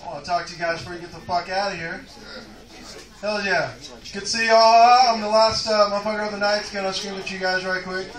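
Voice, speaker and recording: A man doing a stand-up comedy set in a comedy club, loud, profane and rambling. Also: high voice, steady tone, fairly quick, recorded from a distance. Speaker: stand-up comic. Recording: echoey club room, mic from afar.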